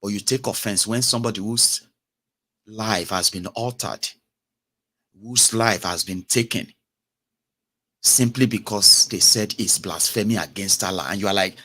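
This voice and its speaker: A man's voice: fairly low pitch, measured pace, pauses often, sharp tone. A man with a Nigerian accent giving passionate political commentary as a host, slipping into pidgin and comic impressions.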